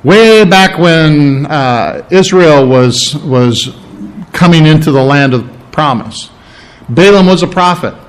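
A man's voice: fairly high pitch, animated, takes it slowly, rough recording. A male preacher telling a Bible story in a conversational sermon, with many restarts.

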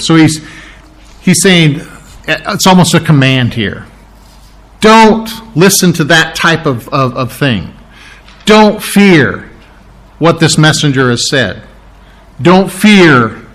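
A man preaching a verse-by-verse Bible teaching sermon, thoughtful, often stopping to correct himself and clearing his throat. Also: on the high side, lively intonation, slow pace, long pauses, a bit bright. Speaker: pastor.

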